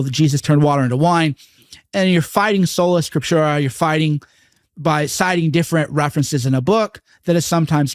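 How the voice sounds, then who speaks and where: A man's voice: a little high, no room sound, studio quality. A man speaking candidly and earnestly as an interview guest, swearing freely and acting out quoted voices.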